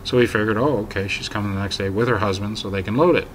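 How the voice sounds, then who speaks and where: Deep voiced guy rambling thru an annoyed story, lots of ums, faint hiss behind. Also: fast talker. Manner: gets loud and high when quoting his own yelling. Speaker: vlogger. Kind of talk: casual storytelling to camera.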